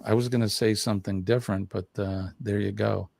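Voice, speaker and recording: A man's voice: on the low side, fairly even intonation, brisk, gravelly, darkish tone, dry recording. An older man hosting a casual live stream, chatting and reading viewer comments aloud with lots of fillers.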